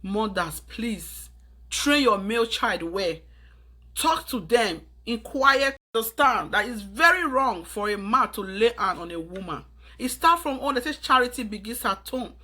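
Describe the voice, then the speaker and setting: A woman's voice: on the high side, expressive, unhurried, bright, forceful tone. A Nigerian woman lecturing her viewers in an urgent, preachy tone, slipping into pidgin phrases. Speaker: vlogger giving advice. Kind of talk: earnest advice monologue to camera.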